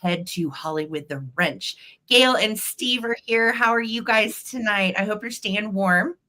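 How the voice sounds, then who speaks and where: A woman's voice: mid-range voice, unhurried, sharp tone. A middle-aged woman hosting a live vintage sale stream, bubbly and chatty, greeting viewers by name.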